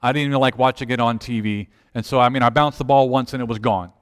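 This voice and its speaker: Animated man preaching in a reverberant hall. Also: medium pitch, fast talker, smooth. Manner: animated storyteller acting out quoted voices. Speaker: pastor. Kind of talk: storytelling sermon.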